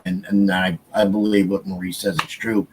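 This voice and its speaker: A man's voice: low voice, flat delivery, moderate pace, slight background noise, rough recording. Casual chatty man on a livestream. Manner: loose, repetitive, restarts often. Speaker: podcast co-host.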